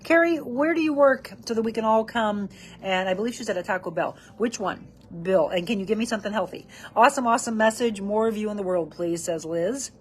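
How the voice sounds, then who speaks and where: A woman's voice: mid-range voice, fairly quick. Woman host, upbeat and encouraging, live stream chat, faint background hiss. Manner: upbeat and encouraging, shouts out viewers by name. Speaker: host of a live self-help show. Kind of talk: live-stream chat reading viewer comments.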